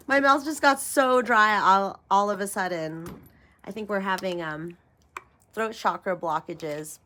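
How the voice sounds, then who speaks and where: A woman's voice: medium pitch, a little slow, bright, forceful tone. A woman hosting her own tarot channel, chatting casually in a rambling way, laughing often and poking fun at herself. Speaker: tarot reader and channel host. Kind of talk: casual spiritual vlog chat.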